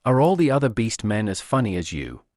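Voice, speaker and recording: A man's voice: on the low side, sing-song, a little fast, darkish tone, dry recording, clean studio sound. A man voicing a cheerful, unafraid village girl who teases lightly. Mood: teasing.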